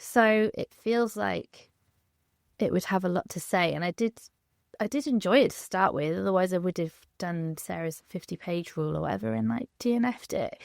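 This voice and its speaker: A woman co-hosting a book podcast, talking in a relaxed, conversational way. Her voice has a gravelly, fried edge and sounds dry and close to the mic. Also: lowish voice, moderate pace, dry recording. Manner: relaxed, conversational, uses fillers like "kind of". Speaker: podcast co-host. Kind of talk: casual book chat.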